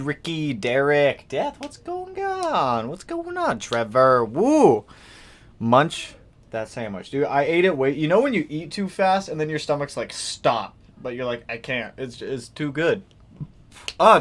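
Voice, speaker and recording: A young man hosts a relaxed live stream, reading viewer comments aloud and greeting people one by one. His pitch swings widely, lifting high for greetings and dropping low for asides, at a middle pitch overall. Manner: laid-back, greets chat by name, reads comments aloud. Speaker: livestream host. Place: garage workshop, indoors.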